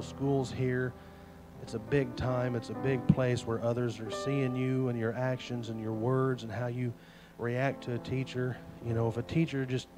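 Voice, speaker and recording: A man, a youth pastor preaching an earnest, folksy sermon full of retold stories. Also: medium pitch. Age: 40s.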